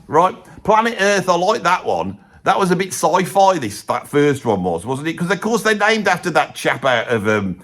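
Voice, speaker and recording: A rambling, opinionated middle-aged bloke with a thick Birmingham accent, as a man puts him on. He talks in a fairly high voice, sprinkles mild swearing into every sentence and keeps sinking into hushed, gossipy asides. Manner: rambling, says "bloody" constantly, drops into hushed conspiratorial asides. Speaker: comic presenter. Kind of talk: comedic character monologue.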